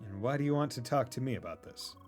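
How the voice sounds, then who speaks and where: Streamer reading a dry skeptic, plain mid-pitched voice. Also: male voice, lively intonation, quick pace, faint music behind, natural voice.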